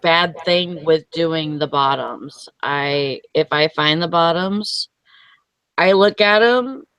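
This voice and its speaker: A woman's voice: low-pitched, takes it slowly, a bit bright, clear, resonant tone, no room sound, poor audio. A woman in a casual morning chat, talking in a chatty, giggly way full of hesitations.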